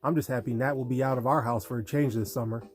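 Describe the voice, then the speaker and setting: A man's voice: mid-range voice, steady tone, fast, close to an everyday voice. A male audiobook reader voicing a doting, fussing middle-aged mother. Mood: fond.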